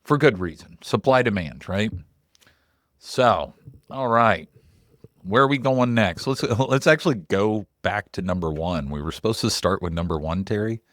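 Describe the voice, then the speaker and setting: A middle-aged man with a lowish voice hosts a podcast in loose, animated chat. He swears now and then and leans hard on "like". The sound is dry and close, with no room around it. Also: normal speed, no echo. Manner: loose, animated and profane, heavy on "like" fillers. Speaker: podcast co-host.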